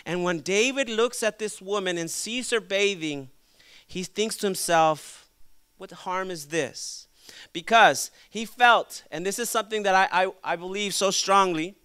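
A man preaching a sermon to young people as their pastor, lively and acting out quoted voices. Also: high voice, moderate pace, clear, resonant tone, no room sound. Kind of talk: youth sermon.

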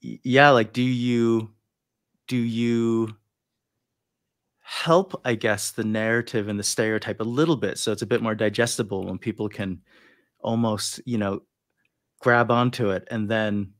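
Low-voiced man hosting, dry sound. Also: fairly even intonation, a little slow, no echo. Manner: hesitant and thoughtful, many ums and restarts. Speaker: host. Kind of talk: interview conversation. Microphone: livestream video call.

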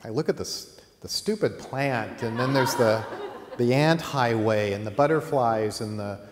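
A man's voice: medium pitch, normal speed, background noise, natural voice. A sulky, impatient little Lakota girl, put on by a man telling a story, whining and pleading in a slightly raised voice. The sound rings with long reverb, as if in a large hall. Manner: whiny, pleading, exasperated.

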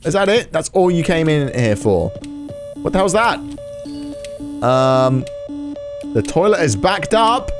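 Animated male gamer with sarcastic reactions. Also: on the high side, slow pace, long pauses, over music. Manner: exaggerated reactions, swearing, sarcastic. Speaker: gaming channel host. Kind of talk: casual gameplay commentary.

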